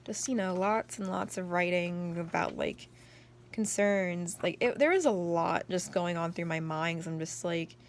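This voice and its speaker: A young adult woman chatting casually about her journal, rambling, excitable, and packing her talk with "like.". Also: on the low side, unhurried, a little hiss or hum. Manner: rambling, heavy on "like" fillers; excitable storyteller. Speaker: journal vlogger. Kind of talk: casual chat.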